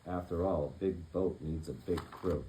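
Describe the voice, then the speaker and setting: A man reading a children's picture book aloud as a bedtime story, with an expressive, lilting delivery. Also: deep voice, moderate pace, a little hiss or hum, rough recording.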